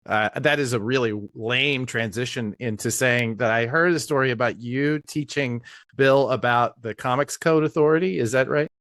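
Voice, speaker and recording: A man's voice: mid-range voice, normal speed, a bit bright, no echo, clean studio sound. A man hosting a podcast interview, chatting casually and laughing along with his guest.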